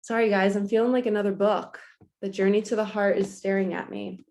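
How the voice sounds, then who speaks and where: A woman's voice: mid-range voice, level tone, a little fast, gravelly, a little mellow. A woman giving a casual spiritual morning talk as a coach, chatty and earnest, laughing often and swearing casually.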